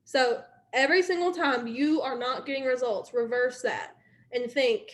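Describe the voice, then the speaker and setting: A woman's voice: high-pitched, moderate pace. A young woman leading her sales team in a casual motivational live stream, chatty and repetitive, talking straight to her viewers.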